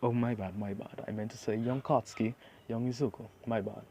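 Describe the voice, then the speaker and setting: A man's voice: lowish voice, steady tone, brisk, warm tone, a little hiss or hum, natural voice. A man voicing a big cheerful male hero teacher in an amateur spoken story. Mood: jovial.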